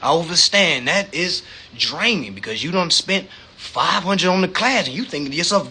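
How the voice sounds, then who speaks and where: A man holds forth on a live stream in a profane, slang-heavy monologue. He keeps asking rhetorical questions and repeating words. His voice sits high and swings widely, and it sounds bright and husky. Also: huge pitch swings, normal speed. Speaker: livestream host.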